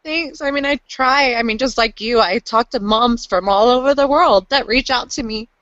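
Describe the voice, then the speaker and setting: A woman's voice: fairly high pitch, normal speed, a bit bright, no echo, lo-fi sound. A woman in her thirties giving earnest, emotional personal testimony on a panel call, breaking into pep-talk bursts. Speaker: panelist sharing lived experience.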